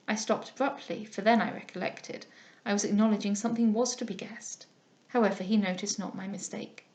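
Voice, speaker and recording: Reading a classic novel aloud, a female audiobook narrator keeps a steady, measured storytelling pace at medium pitch.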